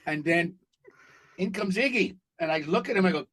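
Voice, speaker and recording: A man who works as a voice actor telling stories in a casual interview, animated and laughing as he acts out what people said. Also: high-pitched, normal speed, poor audio. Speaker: voice actor guest.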